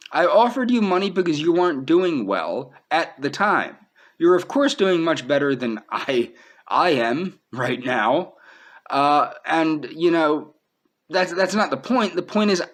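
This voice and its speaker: An agitated man pleads with someone who is not there, circling back over the same points. His voice sits fairly high and swings widely up and down as he presses each point. He speaks in short, insistent bursts. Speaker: vlogger. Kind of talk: emotional direct address to camera.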